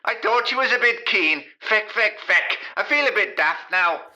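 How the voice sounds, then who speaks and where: A man's voice: high voice, animated, normal speed, sharp tone, pitched above the performer's own voice, full character voice. A man voicing a cheeky film star who puts on a fake Irish accent and swears cheerfully in a comedy phone sketch. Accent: put-on Irish.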